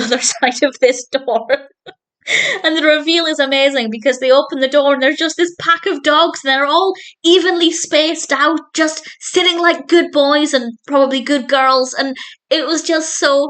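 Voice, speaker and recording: A woman's voice: high voice, pushed and bright. A woman reviewing a TV episode in a casual, enthusiastic way, laughing often and getting emotional. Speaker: film and TV reviewer.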